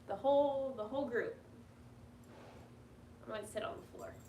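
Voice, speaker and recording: A woman's voice: a little high, normal speed. A young woman who works as a vet tech, chatting casually on a home livestream and talking to her pets. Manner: chatty, talks warmly to her pets between remarks. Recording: somewhat distant mic with faint background noise.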